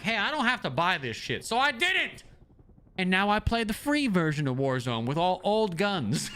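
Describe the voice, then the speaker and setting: A young man streaming a game, ranting in a fast, profane, stammering way. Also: sits high, bright, forceful tone, smooth. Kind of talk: profane live-stream rant.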